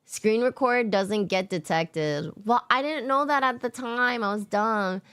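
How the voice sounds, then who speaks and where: A young adult woman streamer telling a story in casual chat, animated, self-mocking and swearing a lot. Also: fairly high pitch, unhurried, clear, resonant tone.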